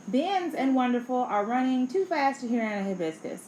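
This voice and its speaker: A woman reading a children's picture book aloud in an expressive, playful way. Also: high-pitched, normal speed. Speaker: storybook reader. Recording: echoey room, faint background noise.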